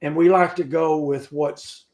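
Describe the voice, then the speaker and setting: Man, fairly high voice, informal scripture teaching, folksy joking asides, halting restarts, video call. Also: steady tone, darkish tone. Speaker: Bible study teacher.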